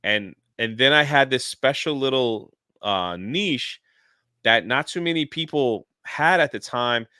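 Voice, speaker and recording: A man on a livestream telling a long story in an animated, chatty way, jumping in and out of quotes. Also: mid-range voice, a little slow, clean tone, dry recording, clean studio sound. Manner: animated, jumps into quoted voices. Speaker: YouTuber guest. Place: lives near a theme park in Florida.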